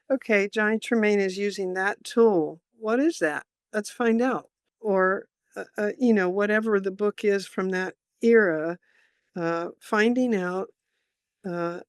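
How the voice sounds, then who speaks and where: A woman's voice: mid-range voice, no echo, clean studio sound. An older woman, a storyteller being interviewed, telling travel anecdotes, acting out the people she quotes and laughing often. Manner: lively storyteller who acts out quoted voices and laughs often. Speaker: storyteller guest.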